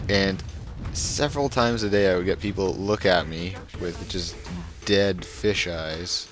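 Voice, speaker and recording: Low, slow-talking young man. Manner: slow, dry storytelling with sarcastic asides. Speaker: let's play gamer. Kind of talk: casual commentary while gaming. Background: game music.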